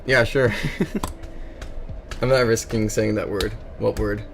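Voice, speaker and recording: A young man chatting casually on a stream, excitable and quick to laugh and slip into silly voices. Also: on the low side, gravelly, soft background music. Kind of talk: casual stream chat while drawing.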